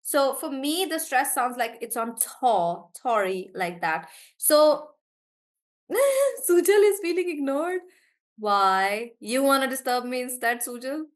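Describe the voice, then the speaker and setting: A woman's voice: on the high side, animated. Woman teacher drilling syllable stress. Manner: slows down and stretches words to show syllable stress; chatty, names students as she answers them. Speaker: online English pronunciation teacher. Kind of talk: live online class.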